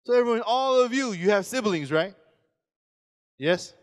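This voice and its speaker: Speaking at an ordinary pace in a large hall, a high-voiced man in his 40s delivers an energetic sermon lecture as a pastor. He voices the people he quotes and puts questions to his listeners.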